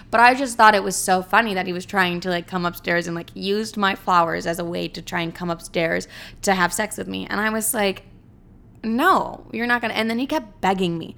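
A woman's voice: medium pitch, creaky, a bit bright. A young woman hosts a podcast and tells a dating story candidly. She is blunt and swears freely, and she acts out the lines of the people in her story. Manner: blunt, swears a lot, mimics others in quotes. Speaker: podcast host.

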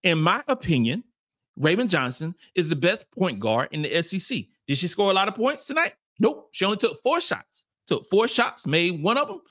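A man from South Carolina, hosting a casual postgame show, animated and prone to repeating phrases. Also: high voice, normal speed, no echo, lo-fi sound. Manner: animated, repeats phrases, reads viewer comments. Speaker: podcast host.

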